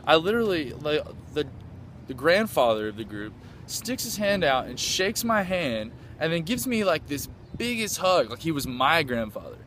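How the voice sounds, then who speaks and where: A man's voice: fairly high pitch, very animated, moderate pace, a bit bright, a little hiss or hum. A man from the United States, enthusiastically recounting a trip in a rambling, casual way with lots of fillers and restarts. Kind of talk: casual storytelling.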